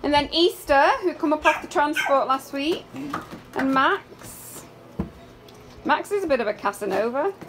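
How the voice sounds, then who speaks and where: In this casual phone video shot outdoors by the kennels, a woman at a dog rescue introduces the new arrivals, cooing and baby-talking to each. Her high-pitched voice is unhurried, and there's noise in the background.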